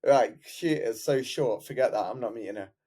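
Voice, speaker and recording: A man's voice: mid-range voice, moderate pace, warm tone, natural voice. A man voicing a picky young man who dismisses things in a whiny, offhand way. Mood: dismissive. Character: picky young man fussing about height.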